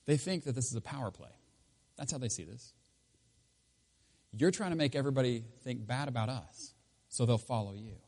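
A man preaching a sermon in a conversational, emphatic way, his voice rising loud and dropping low. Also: animated, moderate pace. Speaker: pastor.

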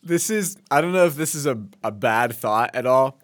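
A man's voice: mid-range voice, expressive, normal speed, no echo, clean studio sound. A man co-hosting a podcast in casual chat, easygoing and supportive, laughing along. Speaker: podcast co-host.

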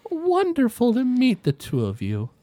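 A game master voicing a polite older human woman neighbor who speaks gently and hesitantly, stumbling over and repeating her words. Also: medium pitch, wildly swooping pitch, measured pace, no room sound, voice pushed up.

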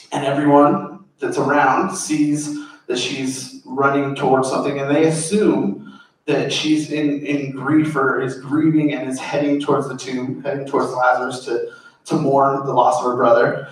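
A man's voice: mid-range voice, steady tone, measured pace. A man preaching a sermon in an earnest, informal, conversational way, explaining a scripture passage. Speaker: pastor. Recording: very echoey room, voice far from mic.

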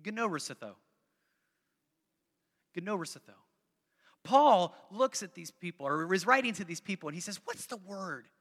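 High, bright-voiced preacher in a reverberant hall. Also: male voice, animated, normal speed, long pauses. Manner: conversational, repeats phrases for emphasis; coaxes the congregation to join in. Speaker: pastor. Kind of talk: sermon.

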